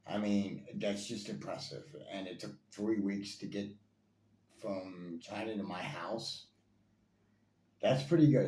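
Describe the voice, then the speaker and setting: A man's voice: on the low side, mellow, slight background noise. Enthusiastic man reviewing toy blasters. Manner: enthusiastic, repetitive, lots of fillers. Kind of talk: casual product review. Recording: echoey room, faint ambience.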